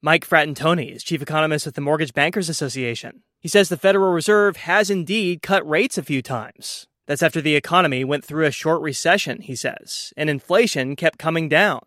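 A man's voice: on the high side, brisk, hardly any pauses, a bit bright, no room sound, studio quality. Man reading a radio news report.

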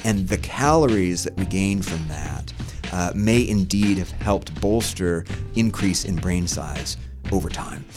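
A man being interviewed on a radio show as a guest biologist and author, explaining things in a measured way with a few fillers. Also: deep voice.

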